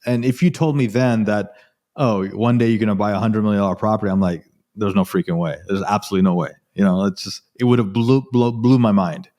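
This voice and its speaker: A man's voice: on the low side, a little fast. A man in his forties, a cardiologist guest, telling his story in a casual interview, quoting himself often and restarting sentences. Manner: animated, quotes himself often, frequent restarts. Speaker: cardiologist and real estate investor guest.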